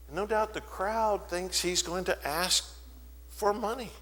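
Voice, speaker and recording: Male preacher, fairly high voice with a wide, lively pitch, dramatic storyteller, reverberant church sanctuary. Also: unhurried. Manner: animated storytelling, briefly acts out the voices in the story. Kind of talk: sermon.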